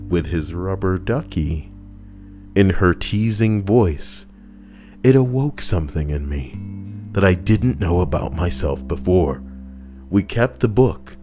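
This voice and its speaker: Male streamer, very low voice with a lively swing, jokey and foul-mouthed, faint music under him. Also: unhurried. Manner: animated, joking, swears freely, laughs often. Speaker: streamer reading posts to chat. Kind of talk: casual live-stream chat.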